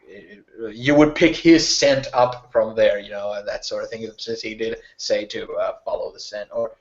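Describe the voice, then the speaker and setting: A man's voice: on the low side, steady tone, normal speed. A man narrating a tabletop role-playing game as game master, rambling and full of fillers. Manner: rambling, filler-heavy, with frequent uh and like. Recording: muffled lo-fi recording.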